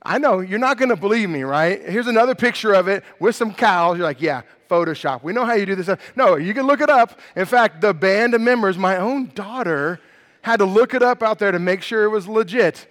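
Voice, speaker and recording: A middle-aged male pastor preaching a sermon, lively and quizzing the congregation with questions. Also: high-pitched, brisk, in a large hall.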